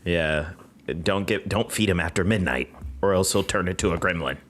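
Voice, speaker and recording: A man in his mid-twenties on a comedy podcast, dry and wisecracking. His voice sits very low, and he keeps up a stream of teasing one-liners. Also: normal speed, fairly bright tone, slight background noise. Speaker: podcast co-host. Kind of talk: casual comedic chat.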